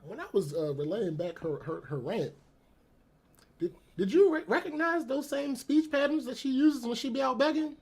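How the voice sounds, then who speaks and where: A man co-hosting a casual live chat show, animated and laughing often, with a slightly husky voice. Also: extremely high pitch, moderate pace. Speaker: podcast co-host.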